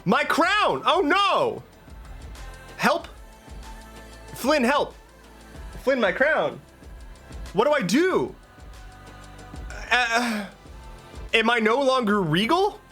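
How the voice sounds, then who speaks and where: A high, shrill princess , as a man puts her on wails melodramatically over her crown, her voice swooping wildly between notes. She is pampered and panicky, a comic bit on a live stream with faint music playing behind. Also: big pitch swings, very slow, long pauses, bright, forceful tone, full character voice. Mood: melodramatic panic. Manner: melodramatic, wailing.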